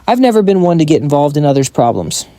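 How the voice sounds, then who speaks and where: A man voicing a brash young man who shouts bluntly and panics as he rushes to help. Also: fairly high pitch, big pitch swings, dry recording.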